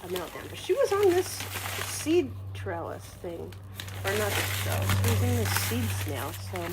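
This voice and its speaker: A woman streamer chatting casually to her viewers while gardening outdoors, excitable and quick to swear. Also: mid-range voice, very noisy. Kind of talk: casual gardening vlog chat. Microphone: camera on a tripod.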